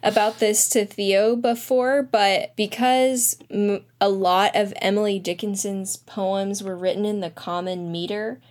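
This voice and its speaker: A woman's voice: medium pitch, steady tone, a little mellow. A woman in casual conversation who makes teasing jokes and puns. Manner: quick-witted, teasing, full of jokes and puns. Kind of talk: casual chat.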